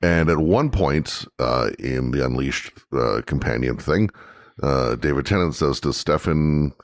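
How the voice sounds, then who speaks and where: A man co-hosting a casual fan podcast, talking haltingly with many fillers and restarts. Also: very deep voice, no echo, clean studio sound. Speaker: podcast co-host.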